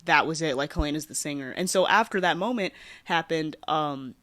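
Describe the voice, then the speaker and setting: A woman hosting her own podcast, telling a personal story in a rambling, casual way with lots of fillers and lively swings in her voice. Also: low-pitched, fairly quick, dry recording, clean studio sound. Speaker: podcast host.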